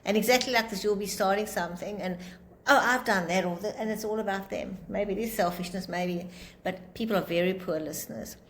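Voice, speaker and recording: A woman's voice: medium pitch, steady tone, brisk, few pauses, a little hiss or hum. A woman teaching a class on communication, explaining with acted-out example dialogues. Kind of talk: lecture with group discussion.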